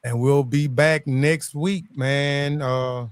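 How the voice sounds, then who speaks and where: A man hosting a casual chat, relaxed and affirming, padding his talk with "man". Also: mid-range voice, slow pace, smooth, no room sound. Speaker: podcast host.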